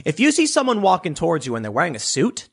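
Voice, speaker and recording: A man giving casual political commentary in an animated way, now and then mocking others with put-on voices. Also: a little high, quick pace, slightly rough.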